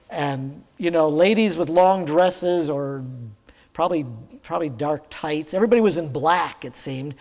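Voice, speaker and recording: A man in his sixties with a high voice for a man, preaching a sermon. He tells a personal story in a halting, searching way, full of fillers and restarts. His voice rings out with a long reverb from a large church hall. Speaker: pastor.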